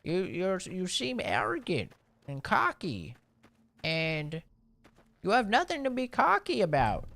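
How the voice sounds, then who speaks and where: Guy doing his mom, blunt middle-aged lady, all worked up, swoopy gravelly voice. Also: high voice, a bit bright, full character voice. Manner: outraged, emphatic retelling.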